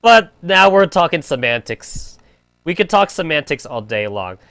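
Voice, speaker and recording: Young man, gaming streamer, high voice, rambling crude chat, dry close sound. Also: big pitch swings, normal speed, a bit bright, no echo. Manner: rambling, crude, heavy use of filler "like".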